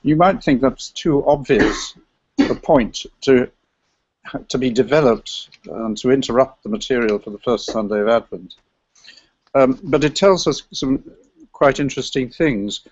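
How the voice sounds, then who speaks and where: A man with a gravelly voice presents an academic paper in a scholarly, meandering way. The recording is dry and slightly dull, with no room sound. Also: medium pitch, measured pace, no room sound. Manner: scholarly, digressive, sings chant examples. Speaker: lecturer on medieval chant.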